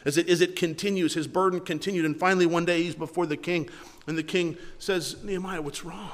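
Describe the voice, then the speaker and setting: Brief: male pastor, high voice, conversational sermon, long hall reverb. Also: fairly even intonation, brisk. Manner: conversational, restarts often.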